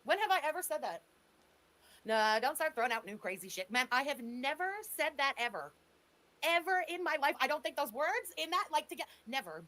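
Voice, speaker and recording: A woman's voice: sits high, sing-song, brisk, pushed and bright. A woman giving blunt, sarcastic reaction commentary, scolding the person on a clip. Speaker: stream commentator.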